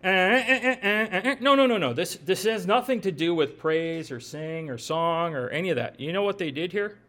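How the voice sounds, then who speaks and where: A man's voice: a little high, expressive, moderate pace, fairly bright tone. A middle-aged man, giving a folksy, conversational sermon that asks the listeners questions and makes joking asides. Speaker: pastor.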